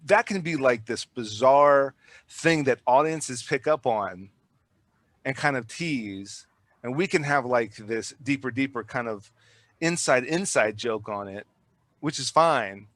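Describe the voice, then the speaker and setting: A man's voice: medium pitch, measured pace, fairly bright tone, no room sound. A filmmaker guest holding forth in a casual podcast conversation. He is a man with an ordinary mid-range voice, recorded dry and close. His telling rambles and jumps, full of restarts and repeated words as he works up to each point.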